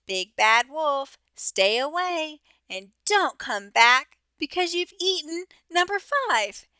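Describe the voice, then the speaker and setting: A woman voicing a chorus of cheeky little chicks and ducklings in a slow sing-song taunting chant. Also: sits high, big pitch swings, bright, forceful tone, dry recording, voice pushed up, full character voice.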